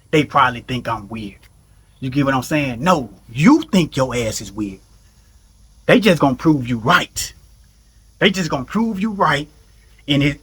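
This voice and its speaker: A man's voice: medium pitch, fairly bright tone, slightly rough. A man hosting a mindfulness podcast, giving a loose, conversational motivational talk, blunt and salted with profanity, often checking in with the listener. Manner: loose and conversational, keeps asking "you know what I'm saying?".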